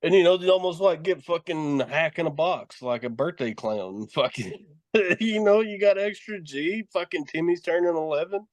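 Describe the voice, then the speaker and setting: A man's voice: fairly high pitch, expressive, normal speed, dry recording. A middle-aged man, a pro wrestler and horror host, telling rambling, profane stories in a casual podcast chat. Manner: profane, rambling storytelling with laughs.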